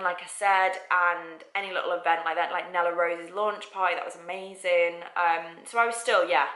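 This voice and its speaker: Chatty, excitable young English presenter. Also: female voice, fairly low pitch, reverberant, low-quality recording. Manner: chatty, excitable, full of "like" and "oh my God". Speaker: radio presenter. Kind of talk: casual vlog storytelling.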